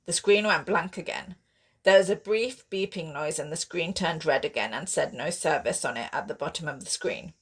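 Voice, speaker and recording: Husky woman narrating a horror novel. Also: low-pitched, moderate pace. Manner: steady, expressive reading. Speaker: author reading her own novel. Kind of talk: audiobook narration.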